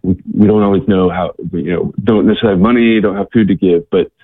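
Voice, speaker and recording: A man's voice: low voice, fast, slightly rough. A man telling a story as a guest, hesitant, with many fillers and restarts. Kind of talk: storytelling in conversation. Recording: tinny phone line.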